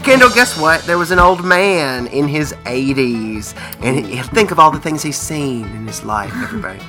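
Animated man telling jokes on air. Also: a little high, normal speed, music in the background, rough recording. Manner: animated, playful, breaks into laughter. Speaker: co-host. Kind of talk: comedic radio banter, telling jokes.

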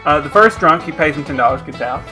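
A man's voice: fairly high pitch, expressive, fast talker, pushed and bright, faint music behind. A man co-hosting a comedy radio show, telling jokes and doing the characters' voices. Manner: storytelling, does voices for joke characters. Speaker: co-host.

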